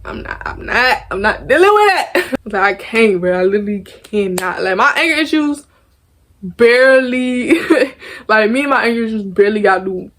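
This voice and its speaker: A young woman, chatting casually as she tells a storytime vlog, animated and laughing often. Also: a little high, normal speed. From Arkansas, US. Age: young adult. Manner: animated, laughs often, acts out quoted lines. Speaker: vlogger.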